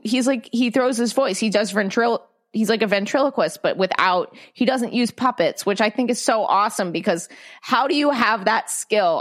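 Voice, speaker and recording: A young adult woman talking candidly as a podcast guest, swearing casually and restarting her sentences. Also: on the high side.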